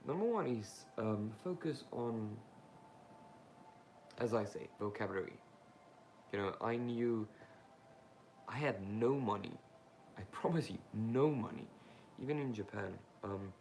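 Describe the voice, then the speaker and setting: A young man hosts a casual live Q&A, rambling through viewer questions with plenty of fillers. His voice sits a bit low with a gravelly edge, and a faint hiss hangs under it. He keeps asking his audience directly how things sound. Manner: rambling and informal, with frequent fillers; talks straight to viewers, asking them questions. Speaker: YouTuber hosting a live Q&A. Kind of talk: casual livestream chat, answering viewer comments.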